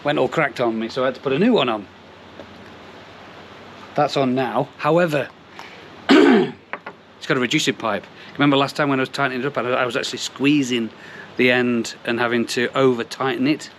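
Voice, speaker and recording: A man's voice: mid-range voice, moderate pace, long pauses, a bit bright, slight background noise. Rambling man vlogging by his pond. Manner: rambling, digressing, self-deprecating humour. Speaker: koi pond channel host. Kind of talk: casual vlog chat. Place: outdoors in a garden by a pond.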